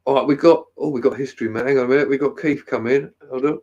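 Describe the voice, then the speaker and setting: A man's voice: medium pitch, fairly even intonation, fast, darkish tone, lo-fi sound. A man in a casual chat over an online call, telling stories in a laid-back way and laughing along.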